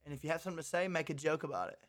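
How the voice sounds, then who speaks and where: A young man co-hosting a casual podcast, laid-back and saying "dude" often, getting loud when riled up. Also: fairly high pitch, racing. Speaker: podcast co-host.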